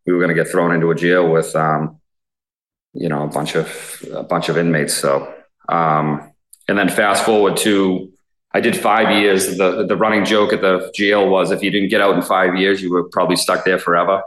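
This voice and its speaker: A man's voice: low-pitched, little pitch movement, moderate pace, fairly bright tone, echoey room, low-quality recording. A man, a police officer in his thirties, telling stories in a casual interview, rambling with lots of fillers and swearing. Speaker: police officer, SWAT guest.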